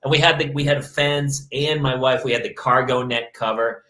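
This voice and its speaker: A man hosting a podcast, telling parenting stories in casual chat with animated, mock-exasperated asides. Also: mid-range voice, normal speed. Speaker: podcast host. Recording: roomy echo.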